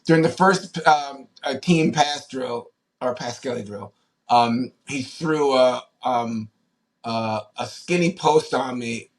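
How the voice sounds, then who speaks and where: A man in his fifties, a former pro football player, telling animated anecdotes in a casual interview, with many fillers and restarts. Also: medium pitch, slow pace.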